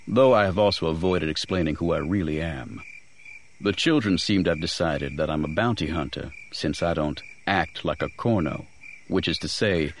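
A man giving measured, grave first-person audiobook narration. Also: deep voice, slight background noise.

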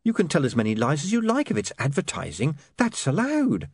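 A man voicing a prim, sharp-tongued young woman in an audiobook. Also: on the high side, wildly swooping pitch, a little fast, husky, no echo, clean studio sound, voice pushed up, heavily acted.

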